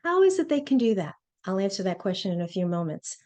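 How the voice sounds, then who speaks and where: A woman's voice: mid-range voice, big pitch swings, fast, dark tone. A woman giving a motivational webinar talk as a coach, telling personal stories in an earnest way. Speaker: presence coach.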